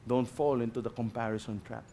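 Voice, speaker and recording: A man with a Filipino accent preaching a sermon as a guest pastor, passionate, swinging between loud emphasis and quiet asides, slipping in Tagalog phrases. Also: medium pitch, steady tone, brisk, slight background noise.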